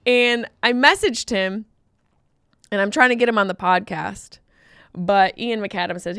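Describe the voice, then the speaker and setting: A woman comedian hosting her podcast, talking casually and jumping into high, loud exclaims. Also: unhurried, clear, resonant tone, dry recording, clean studio sound. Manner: animated, jumps into high exclaims.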